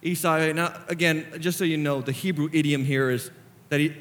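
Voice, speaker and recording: Male preacher, bright ringing tone, impassioned sermon delivery. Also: a little high, fairly even intonation, moderate pace. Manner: impassioned, swinging from hushed to shouting. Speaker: pastor.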